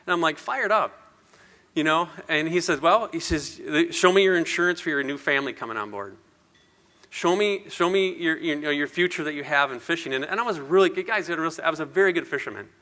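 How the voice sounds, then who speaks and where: Man, 50s, rambling and self-deprecating event speaker, bright tone, hall reverb. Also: on the high side, expressive, fairly quick. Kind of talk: personal speech to an audience.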